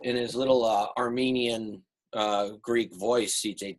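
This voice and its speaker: A man teaching an online art class over a video call, relaxed and rambling with many fillers. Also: mid-range voice, unhurried. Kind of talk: online class lecture and critique.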